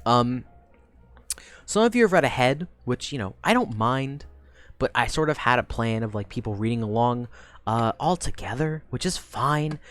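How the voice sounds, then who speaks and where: Young woman streamer, lively swooping pitch, chatty and rambling, casual swearing, desk mic. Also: normal speed, no room sound. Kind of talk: casual live-stream chat.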